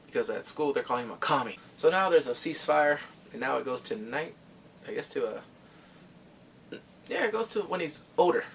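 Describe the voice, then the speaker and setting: A man's voice: medium pitch, creaky, a bit bright, slight background noise. A man casually retelling a movie's plot for his review, chatty and rambling with lots of filler restarts. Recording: voice slightly distant from the mic.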